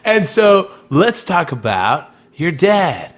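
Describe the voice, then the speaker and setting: A man hosting a casual podcast interview, asking curious, quick follow-up questions. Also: a little high, very animated. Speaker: podcast host.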